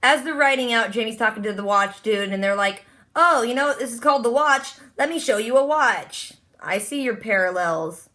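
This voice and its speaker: A woman vlogger casually recapping a TV episode, gushing and jokey, slipping into quick character voices. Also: a little high, expressive, sharp tone.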